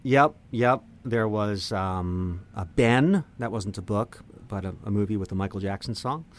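Male podcast co-host, low voice, dry deadpan humor. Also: unhurried. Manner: deadpan, riffing on made-up bits. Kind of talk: casual comedic chat.

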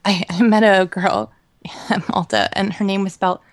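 A woman co-hosting a podcast in casual chat, talking in an animated, rambling way with lots of fillers and laughter. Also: mid-range voice, normal speed. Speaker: podcast co-host.

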